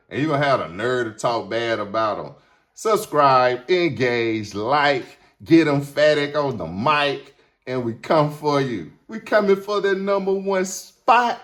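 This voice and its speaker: A man's voice: mid-range voice, lively intonation, measured pace, fairly bright tone. A man hosting a sports talk show, delivering a fired-up, combative monologue full of repeated hype lines. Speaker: sports radio host.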